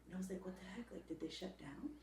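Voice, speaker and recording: Chatty woman, lowish voice, roomy off-mic sound. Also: quick pace, vocal fry, darkish tone, recorded from a distance, a little hiss or hum. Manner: chatty, rambling with fillers. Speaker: podcast co-host. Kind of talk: casual storytelling. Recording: roomy, off-mic with faint ambience.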